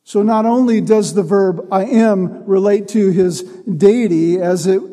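A man delivers a sermon in a high, mellow voice, taking his time over each phrase. He teaches patiently and stresses key words as he reads scripture. His voice rings out with a long reverb, as in a large hall. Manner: teaching, reads scripture aloud with measured emphasis. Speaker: preacher.

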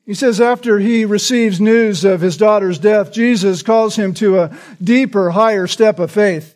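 A man's voice: sits high, measured pace, darkish tone. A man preaching a sermon in an earnest, emphatic way, often checking in with "right?". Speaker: pastor.

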